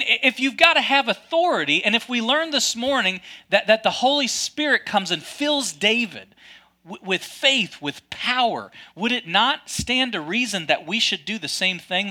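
A man preaching a sermon with a high voice that is bright and sharp. He talks to his congregation in a loose, chatty way and drops in playful asides. The energy stays lively throughout. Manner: lively, conversational, joking asides. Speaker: pastor.

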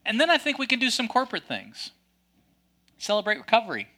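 Bright-voiced man preaching a lively sermon. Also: very high voice, fairly quick. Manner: lively, conversational, joking asides. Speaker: pastor.

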